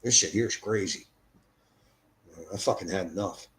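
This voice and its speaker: A man's voice: low-pitched, moderate pace, a bit bright, a little hiss or hum. An older man from Philadelphia hosting a livestream, chatting in a blunt, profane, rambling way. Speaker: livestream host. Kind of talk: rambling casual livestream chat. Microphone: streaming setup mic.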